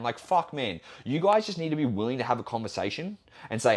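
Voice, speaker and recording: A man's voice: mid-range voice, very animated, a little fast. A young Australian man hosting a solo podcast as a fitness trainer, talking bluntly and assertively with plenty of swearing.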